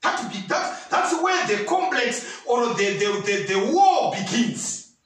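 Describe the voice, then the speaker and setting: A man preaching with a very high, lively, swooping voice that rises into fervent shouts for emphasis. His tone is bright and forceful. He sounds distant from the mic, in a heavily echoing room. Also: slow pace. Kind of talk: sermon.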